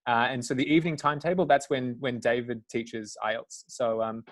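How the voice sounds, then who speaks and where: A man's voice: medium pitch, normal speed. A man hosting a live question-and-answer webinar, reading out audience questions in a loose, chatty way. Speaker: webinar host. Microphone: video call.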